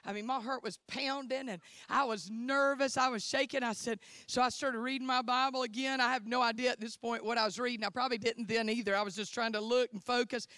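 A woman's voice: fairly high pitch, steady tone, a little fast, hardly any pauses, fairly bright tone, dry recording, studio quality. A woman preaching in church, telling her story with fervent hallelujahs and amens. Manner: fervent, exclaiming hallelujah and amen. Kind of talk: sermon testimony.

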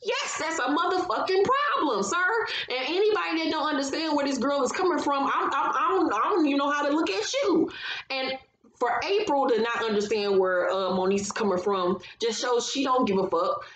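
A woman's voice: high-pitched, animated, moderate pace, a bit bright, reverberant, a little hiss or hum, rough recording. A woman recapping a reality show in casual commentary, blunt and profane, getting heated as she gives her opinions.

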